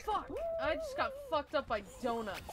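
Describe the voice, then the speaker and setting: A woman's voice: sits high, wildly swooping pitch, moderate pace, very noisy. Blunt, swearing woman gamer. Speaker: gamer on a stream. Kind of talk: casual gaming chat. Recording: faint game music behind.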